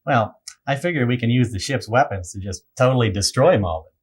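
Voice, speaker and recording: A man's voice: medium pitch, expressive, a little fast, breathy edge. A man playing a folksy, blustering middle-aged small-town mayor in a comedy sketch. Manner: folksy, bluntly bloodthirsty.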